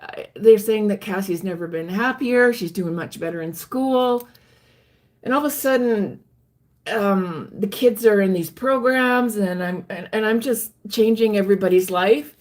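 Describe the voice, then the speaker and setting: Woman haltingly telling her own story. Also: mid-range voice, a little mellow. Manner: halting, earnest, many restarts. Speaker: vlogger recounting her life. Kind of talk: personal storytelling.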